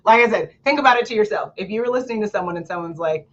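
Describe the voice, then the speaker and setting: A lively woman hosts a book club stream in a chatty, animated way, scattering "like" through her sentences and laughing often. Her voice sits in a middle range. The audio is a bit dull and lo-fi, as from a home streaming setup. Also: mid-range voice, fast talker. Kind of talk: casual livestream talk on public speaking. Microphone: home computer or camera setup.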